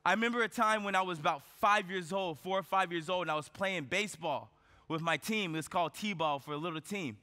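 A man's voice: sits high, brisk, sharp tone. A man giving a motivational keynote speech on stage, telling a personal story with rhetorical questions and frequent checks of "right?". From United States. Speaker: keynote speaker. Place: large event hall on stage. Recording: reverberant conference hall.

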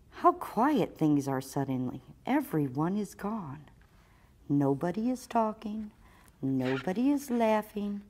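A woman's voice: fairly low pitch, dark tone. A woman children's librarian reading a picture book aloud expressively for storytime.

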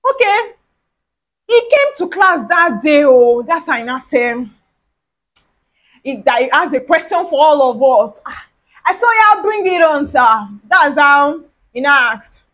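Nigerian woman vlogger, high voice, animated storyteller. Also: a little slow, rough recording. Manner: animated storytelling with big pitch swings and acted-out dialogue. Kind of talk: storytime vlog.

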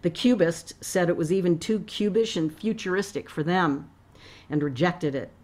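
A woman author reading her novel aloud in a measured, expressive way. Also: fairly low pitch.

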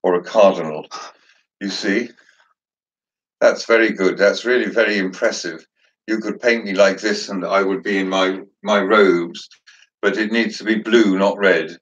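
A man's voice: low-pitched, fairly even intonation, measured pace, fairly bright tone, lo-fi sound. A man hosting a casual chat, joking and chatty with theatrical asides. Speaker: host.

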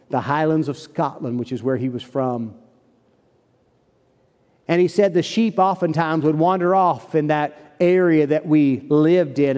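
Preacher guy, mellow warm voice, folksy storytelling, long church reverb. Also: fairly high pitch. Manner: earnest storytelling, folksy phrasing. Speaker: pastor. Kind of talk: sermon. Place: church sanctuary.

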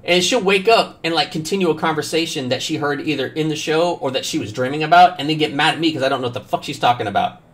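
A man's voice: fairly high pitch, fast. A man streaming a video game, chatting casually and telling joking, profane stories while he plays. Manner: joking, profane, animated storytelling. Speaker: gaming streamer. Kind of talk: casual gameplay commentary. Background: faint game music.

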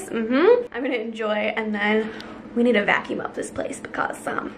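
A woman's voice: fairly high pitch, moderate pace, slight background noise. Bubbly young woman vlogging at home. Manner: bubbly, chatty, squeals with excitement, talks to her cats. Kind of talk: casual vlog chat. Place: home bedroom and kitchen.

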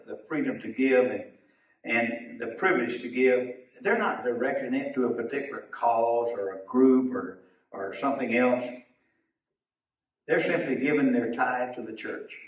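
A man teaching a Bible lesson in Sunday school, folksy and chuckling, often repeating his words. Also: medium pitch. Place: church classroom. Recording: echoey room, mic far off.

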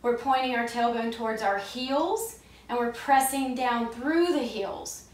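A woman leading a gentle yoga class, giving calm, soothing cues paced with the breath. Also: fairly high pitch, a little slow, distant mic. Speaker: yoga instructor. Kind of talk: gentle guided yoga instruction. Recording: echoey room, voice a bit off-mic.

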